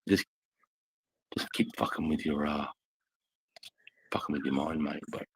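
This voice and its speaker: Middle-aged Australian man, very low raspy voice, blunt intense veteran storyteller. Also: fairly even intonation, measured pace, low-quality recording. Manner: blunt, heavy swearing, intense. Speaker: army veteran telling war stories. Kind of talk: casual bar chat.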